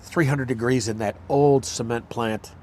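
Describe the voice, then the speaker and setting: An older actor in a casual chat, telling rambling anecdotes and acting out quotes. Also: male voice, medium pitch, fairly even intonation, a little slow, a little mellow, slight background noise. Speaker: actor, guest.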